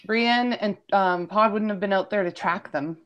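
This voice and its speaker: A woman's voice: medium pitch, a bit bright, lo-fi sound. A woman in a casual fan discussion of a TV episode, eager, laughing easily and jumping in to add her view. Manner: eager, quick to laugh and interject.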